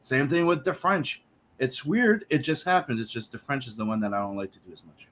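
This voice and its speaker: A man's voice: medium pitch, fairly quick, fairly bright tone. A man in casual podcast chat who talks loosely, swears now and then and laughs easily.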